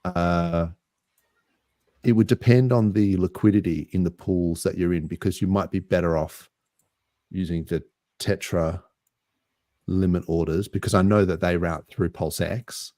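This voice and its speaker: A man with an Australian accent co-hosting a casual podcast chat, relaxed and rambling with easy laughs. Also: low voice, measured pace, long pauses, no echo, studio quality. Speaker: podcast co-host.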